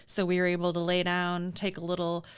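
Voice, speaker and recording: A woman's voice: fairly low pitch, completely flat delivery, a little fast, smooth. A woman co-hosting a business coaching podcast, upbeat and chiming in. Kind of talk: casual podcast chat.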